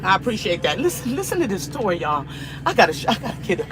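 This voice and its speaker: A woman's voice: mid-range voice, big pitch swings, fast talker, noisy background. A middle-aged woman from the United States, hosting a cooking live stream and talking to viewers in an emphatic, repetitive, preachy way. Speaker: livestream cooking host.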